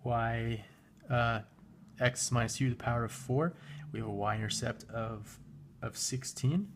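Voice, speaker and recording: A man's voice: medium pitch, a little slow, noisy background. A man teaching a recorded math lesson, talking while he works a graphing calculator and correcting himself as he goes. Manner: relaxed, talks while working a graphing calculator, with fillers and self-corrections.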